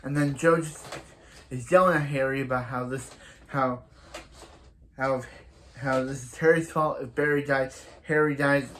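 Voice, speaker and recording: A man's voice: medium pitch, fairly even intonation, a bit bright, a little hiss or hum. Guy rambling thru a tv episode recap, lots of so yeah and restarts, mid-range voice. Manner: acts out characters' lines in quick asides. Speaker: TV episode reviewer. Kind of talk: casual spoken episode recap.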